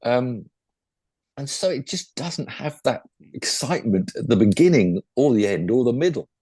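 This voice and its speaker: Talking motorsport casually as a podcast co-host, this older man and ex-racing driver is chatty and rambling, full of asides. His mid-range voice has a sing-song lilt, a mellow, slightly rough quality, and a normal pace, with no echo.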